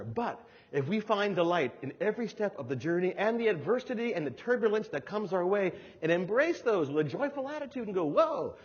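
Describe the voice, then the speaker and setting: In a husky high voice, an older man gives a motivational keynote, telling vivid stories and driving them home with repeated emphasis. The sound is dull and washed in the long reverb of a hall.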